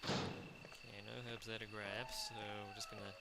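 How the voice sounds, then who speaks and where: Heavy background noise surrounds this casual gameplay commentary, where a man hosting a let's play chats about the game, jokes at his own expense, and addresses the enemies on screen. He has a lowish voice with vocal fry, a flat delivery, and a measured pace.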